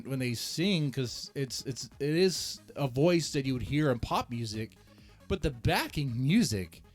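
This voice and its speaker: Rambling joking man ranting casually. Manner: rambling, joking, self-mocking, animated swings in pitch. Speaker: reaction channel host.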